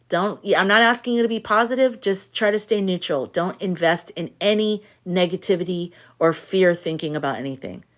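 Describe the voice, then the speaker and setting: A woman's voice: lowish voice, a bit bright. A woman hosting a casual livestream from a room at home. She talks to her viewers, reads their chat aloud, rambles and swears freely. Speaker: livestream host. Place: home room with hanging lights.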